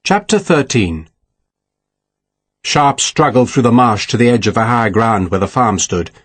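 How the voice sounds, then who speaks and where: A man narrating an audiobook with expressive, dramatic reading. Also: medium pitch, moderate pace, slightly rough.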